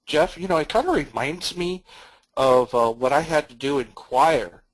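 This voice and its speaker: A man co-hosting a casual studio chat, talking in a relaxed, hesitant way. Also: fairly high pitch, moderate pace, dry recording, low-quality recording.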